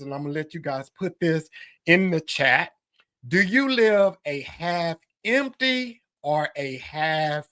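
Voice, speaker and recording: A man's voice: a little high, pushed and bright, no echo. A man hosting a live-streamed podcast, chatting casually with viewers and greeting them by name as he reads their comments aloud. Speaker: podcast host.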